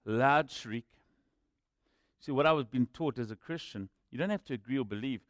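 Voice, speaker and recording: A man preaching a sermon and telling personal stories, moving between loud emphatic lines and quiet asides. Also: medium pitch, moderate pace, no echo, clean studio sound. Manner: storytelling, swinging from loud emphasis to hushed asides.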